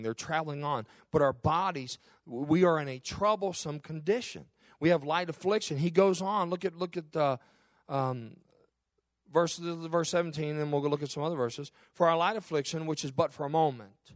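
Middle-aged man, pastor, fervent sermon, high voice, dry sound. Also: moderate pace, no room sound. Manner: impassioned preaching with repeated phrases.

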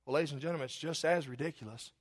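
Preacher guy, kinda high voice, gets loud and emphatic. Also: racing, breathy edge. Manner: emphatic, rising to loud bursts. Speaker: pastor. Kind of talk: sermon.

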